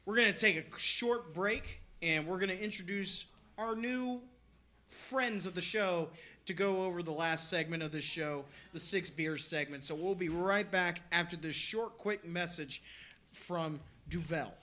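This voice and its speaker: A man's voice: high-pitched, unhurried, sharp tone. A man hosting a podcast, chatting casually and retelling movie scenes with enthusiasm. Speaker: podcast host. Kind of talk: casual chat.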